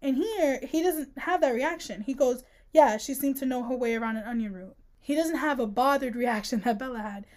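On a casual book podcast, a woman co-host with a slightly high voice retells scenes in an animated, slangy way, slipping into the characters' dialogue mid-sentence. She keeps a moderate pace with few pauses.

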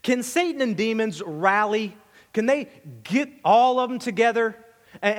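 A man with a high voice preaches a sermon in a conversational, emphatic way, often stumbling over repeated words. His voice rings with a long reverb, as in a church sanctuary. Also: a bit bright. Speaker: pastor.

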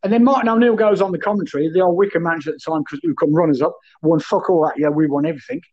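Husky sweary man telling stories. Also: on the high side, racing, a little mellow, highs cut off. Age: 30s then, now older. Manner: boisterous, sweary anecdotes, keeps addressing the host by name. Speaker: guest, former footballer. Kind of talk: casual storytelling chat.

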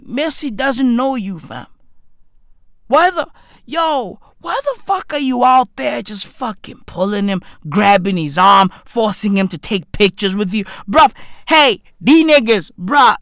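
A young man telling a comic story, animated and profane, full of slang and repeated asides to the listener. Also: sits high, vocal fry, no echo. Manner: animated, swearing, slang-heavy, repeats "bruv" and "right?". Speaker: comedic storyteller. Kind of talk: profane comedic anecdote.

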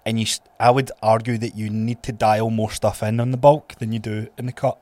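A Scottish man in his thirties co-hosting a fitness podcast, blunt and animated, swearing freely. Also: on the low side, fairly quick, no echo. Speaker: podcast co-host and trainer. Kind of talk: casual podcast chat.

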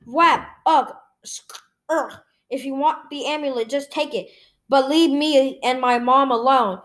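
A woman's voice: high-pitched, unhurried. A woman reading a graphic novel aloud, saying the sound effects and the dialogue in the same reading voice. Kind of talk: read-aloud storytelling.

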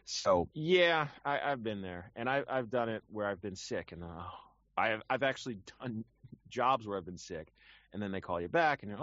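A man's voice: on the low side, sing-song, moderate pace, a bit bright, dry recording, highs cut off. A man who works as a professional voice actor, talking casually and animatedly, with frequent restarts and fillers. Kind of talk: casual conversation.

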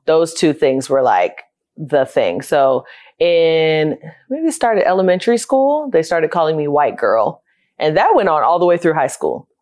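Speaking at a measured pace, this South Florida woman in her thirties tells her life story to an interviewer, and she runs a childcare business. Her low, darkish voice is very animated, yet she stays candid, reflective and conversational.

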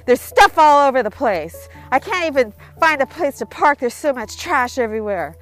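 A woman putting on a shrill, irate hotel guest. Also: expressive, moderate pace, faint music behind. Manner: shrill, indignant complaining.

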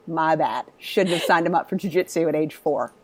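Candid, swearing mom telling stories. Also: female voice, sits low, normal speed, a little mellow. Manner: candid storytelling, swears freely. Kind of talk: casual chat.

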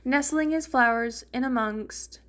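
A woman's voice: sits high, measured pace, a bit bright. A woman reading a fan fiction story aloud, narrating and lightly voicing the characters. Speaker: fanfiction reader.

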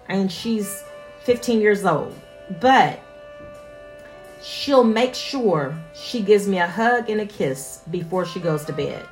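A middle-pitched woman in her forties talks slowly and earnestly in a personal reflective monologue. She leans on repetition to stress what matters. Soft instrumental music plays faintly behind her voice. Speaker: mother sharing reflections.

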